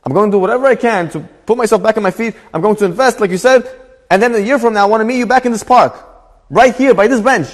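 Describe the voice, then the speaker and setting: A man voicing a desperate, broke man who pleads and grows excited as the story goes on. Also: a little high, fast talker, in a large hall, lightly acted. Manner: pleading, rising to excited near-shouting.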